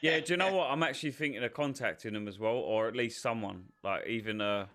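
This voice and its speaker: A man co-hosting a casual live stream. He swears, laughs easily and mumbles quiet asides. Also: mid-range voice, fast talker. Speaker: livestream co-host.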